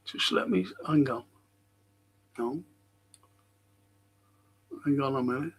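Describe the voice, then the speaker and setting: A man's voice: medium pitch, slow, a bit bright, breathy edge. A man with a Liverpool accent hosting a casual live stream, chatting and answering viewer comments as he reads them out. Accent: Liverpool (Scouse).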